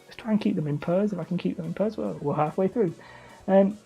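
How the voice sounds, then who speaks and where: A woman's voice: lowish voice, fast talker, vocal fry, breathy edge, muffled recording, soft background music. A woman with a Wigan-area Lancashire accent, chatting casually and rambling as she builds hobby terrain on a live stream. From Leigh, near Wigan, England. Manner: chatty, self-mocking, rambling. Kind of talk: casual live-stream chat while crafting.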